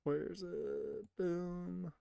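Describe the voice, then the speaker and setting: A man's voice: high-pitched, flat delivery, drawn-out words, gravelly, mellow, smooth, no room sound, highs cut off. A young man rambling casually to his chat while streaming a game. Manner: rambling, chatty, talks to chat.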